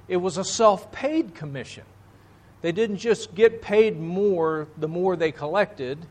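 A man preaching a sermon in a slow, deliberate and emphatic way. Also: fairly high pitch. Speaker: pastor.

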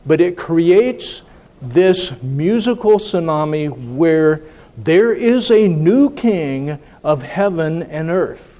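A man's voice: on the high side, lively intonation, slow, warm tone. A man preaching a sermon, dropping to a near whisper for emphasis and then rising to emphatic declarations. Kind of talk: sermon on sacred music.

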